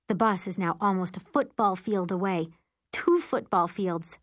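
A woman narrating as an excitable, wry teenage girl. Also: medium pitch, normal speed, no echo, clean studio sound. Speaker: audiobook narrator. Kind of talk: first-person audiobook narration.

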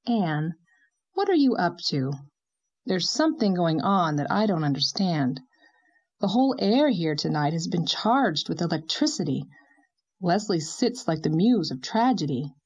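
A woman's voice: on the low side, sing-song, unhurried, darkish tone, breathy edge, exaggerated voice. Woman reading as a wry, teasing young husband. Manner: joking, wry. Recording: dull lo-fi recording.

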